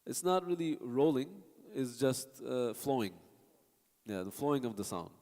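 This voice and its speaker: With an animated, mellow mid-range voice at normal speed, a man teaches recitation through spoken examples. He is patient, pausing to demonstrate sounds and respond to students in a hall with long reverb.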